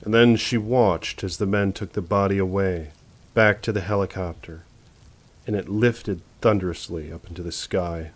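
A man narrating a novel as an audiobook, in a measured, suspenseful reading. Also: deep voice, fairly even intonation.

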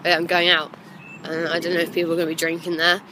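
A woman's voice: lowish voice, monotone, rapid-fire, sharp tone. A tipsy young woman, vlogging as she rambles and drops into whispers. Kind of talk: casual drunk vlog chat. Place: walking outdoors at night. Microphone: phone held at arm's length. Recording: noisy outdoor phone recording.

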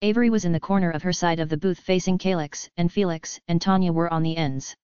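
A low-pitched woman reading an audiobook in the first person, with a steady pace. Her voice is very clear and smooth, and the recording is dry and a little muffled. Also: quick pace, dry recording. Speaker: audiobook narrator. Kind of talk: scripted audiobook narration.

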